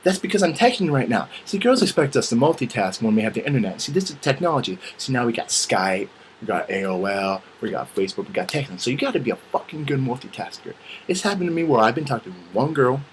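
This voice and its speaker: A young vlogger with a mid-range voice rants quickly in a casual, comic way, swearing a lot and acting out bits of dialogue. He's animated, and the rough recording carries a little hiss or hum.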